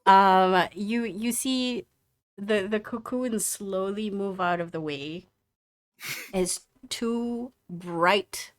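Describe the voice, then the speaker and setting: A woman's voice: medium pitch, very slow. A woman narrating as game master of a tabletop game, casual and full of restarts.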